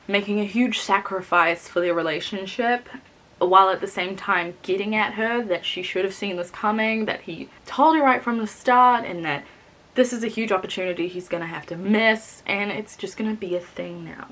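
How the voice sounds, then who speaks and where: A young woman casually reviewing a novel in a blunt, expressive, sweary way. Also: mid-range voice. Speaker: book reviewer. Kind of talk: casual book review vlog.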